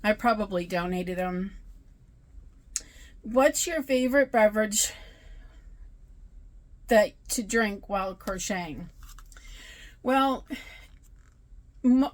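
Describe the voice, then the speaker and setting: Speaking unhurriedly with long pauses, this mid-pitched woman talks through crochet on her vlog. She's sleepy and yawning, drifting from point to point in a chatty way and often stopping to correct herself.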